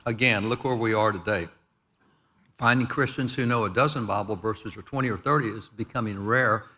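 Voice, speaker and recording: A man's voice: medium pitch, fairly bright tone. An older man giving an emphatic lecture-style speech at a gala, walking through slides and reading quotes aloud. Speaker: historical speaker at a gala. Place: large event hall. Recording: hall reverb from event PA.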